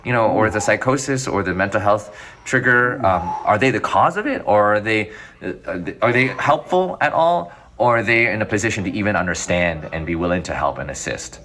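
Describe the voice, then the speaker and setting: A man being interviewed as a physician guest, talking casually in quick, rambling answers that restart and self-correct. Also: lowish voice, lively intonation, bright, forceful tone.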